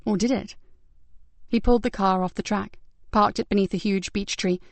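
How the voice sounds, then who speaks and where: A woman reads a crime thriller audiobook in an even, measured voice of middle pitch. The sound is close and dry, with no room around it. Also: gravelly, no echo. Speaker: audiobook narrator. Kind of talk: scripted narration.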